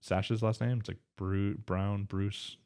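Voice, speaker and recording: Guy with a lowish voice recapping an anime ep, rambly, swears a bit. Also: little pitch movement, measured pace, mellow. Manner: rambling, loose, swears casually. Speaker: podcast co-host. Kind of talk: casual chat, recapping an anime episode.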